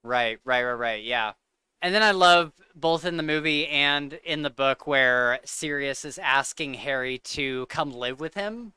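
A man's voice: mid-range voice, unhurried, pushed and bright, smooth, no echo. A man hosting a podcast, chatting casually and gushing with enthusiasm, full of likes and ums. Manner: enthusiastic, gushing, filler-heavy. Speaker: podcast host. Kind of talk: casual chat.

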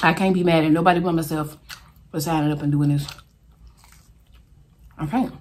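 Eating on camera, a woman food vlogger talks in a relaxed, lively way, exclaiming often and chanting as a wheel spins. Her voice is low and her pace moderate.

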